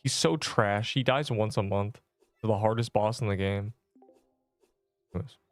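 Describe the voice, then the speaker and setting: A young male streamer talks casually over his game, slangy and jokey, sometimes yelling in mock panic. His voice is smooth and close, in a dry room with faint game music underneath. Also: fairly low pitch, normal speed, dry recording. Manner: joking, mock-dramatic outbursts, slangy. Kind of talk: casual livestream chat while gaming.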